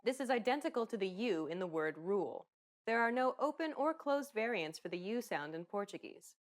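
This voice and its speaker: A woman narrating a pronunciation lesson in a clear, explanatory, encouraging way. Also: mid-range voice, lively intonation, fairly quick.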